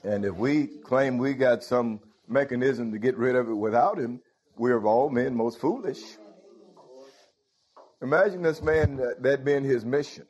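Speaking a little slowly with a medium-pitched, somewhat mellow voice, a man delivers a sermon on a recording with the highs cut off. He interjects "Hallelujah" and "Thank you, Lord" and calls out questions directly to those gathered.

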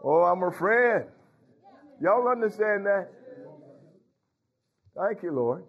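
A man's voice: sits high, lively intonation, slow, husky, dull audio. A man preaching as a pastor, calling out to his congregation with frequent hallelujahs. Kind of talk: sermon.

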